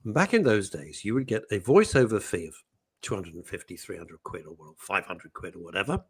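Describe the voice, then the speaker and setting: Brief: British male radio co-host, lively pitch, anecdotal chatter. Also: fairly quick, breathy edge. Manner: storytelling, animated, laughs often. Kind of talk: casual radio chat.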